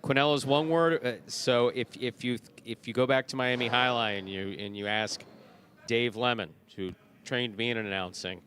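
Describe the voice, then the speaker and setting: A man's voice: mid-range voice, fairly even intonation, moderate pace, a bit bright. A middle-aged man announcing jai alai, chatty and explanatory, often correcting himself mid-sentence. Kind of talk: broadcast commentary and chat.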